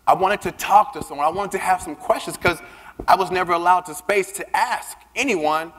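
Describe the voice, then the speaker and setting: A man giving a keynote speech, telling a personal story with lively, acted-out dialogue. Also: high voice, normal speed, a little hiss or hum. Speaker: keynote speaker. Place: large conference hall. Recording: long reverb of a big hall.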